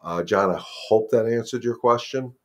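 A man's voice: mid-range voice, moderate pace, fairly bright tone. A man, the head dog trainer, giving plain-spoken, emphatic advice in a casual live Q&A and often repeating words as he thinks.

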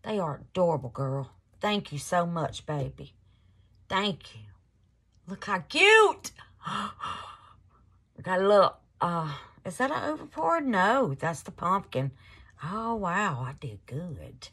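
Slow-talking woman gushing over crafts. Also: on the low side, very animated, a bit bright, slightly rough. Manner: gushing, affectionate, calls viewers baby and y'all. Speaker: resin crafting channel host. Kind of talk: casual crafting demo vlog.

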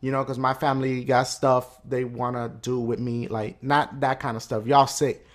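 A man hosting a let's play channel, loud and excitable, swearing a lot and shouting at the game. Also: medium pitch, moderate pace. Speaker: gaming channel host.

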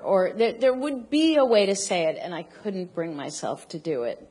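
A middle-aged woman telling a funny personal story on stage, halting and self-deprecating, often restarting her sentences. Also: mid-range voice, lively intonation, a little mellow, husky.

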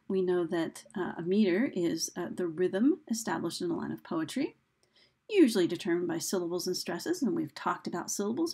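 A woman teacher giving a recorded lecture, speaking slowly and deliberately, counting out beats with a few fillers. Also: medium pitch, vocal fry, a little mellow, breathy edge.

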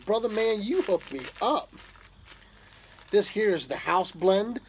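This man has a high, expressive voice and speaks at a slow pace, with a little hiss or hum in the audio. Opening a gift box of pipe tobacco and coffee, he chats casually to the camera, letting out enthusiastic drawled exclamations for his viewers.

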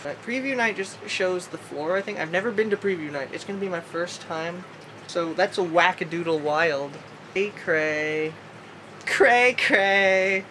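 A woman's voice: fairly low pitch, moderate pace, noisy background. A woman vlogging alone from her bedroom at night, rambling in a silly way with sudden squeals and sing-song bits. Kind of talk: goofy solo vlog.

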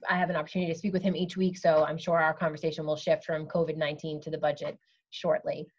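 Lo-fi woman official, measured. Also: low voice, flat delivery. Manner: measured, frequent ums. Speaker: school superintendent. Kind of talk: virtual meeting update. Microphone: video call. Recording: lo-fi video call audio.

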